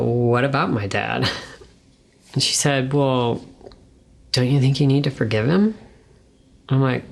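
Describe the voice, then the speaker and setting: A woman's voice: extremely low pitch, darkish tone. A middle-aged woman telling an earnest, emotional personal testimony, acting out remembered words and sometimes dropping to a whisper. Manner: earnest, emotional, acts out her own and others' words with whispers and pauses. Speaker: guest sharing her testimony. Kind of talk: personal testimony, conversational storytelling.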